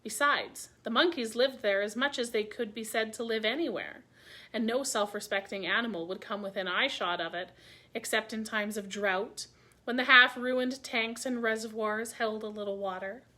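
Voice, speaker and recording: A woman reading a classic novel aloud for a library story hour, measured and clear, with small slips. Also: a little high, pushed and bright.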